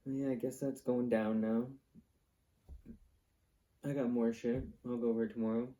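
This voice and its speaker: A man's voice: mid-range voice, little pitch movement, moderate pace, warm tone. A man, hosting his own vlog and ranting bluntly, swearing often and rambling from one point to the next. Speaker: vlog host. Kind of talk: casual ranting monologue.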